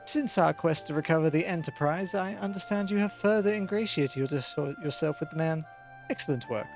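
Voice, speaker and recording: A man's voice: fairly high pitch, moderate pace, soft background music, voice pushed up, natural voice. A man voicing a pompous young male noble scholar in a nasal voice, reading game dialogue aloud with lofty, formal phrasing.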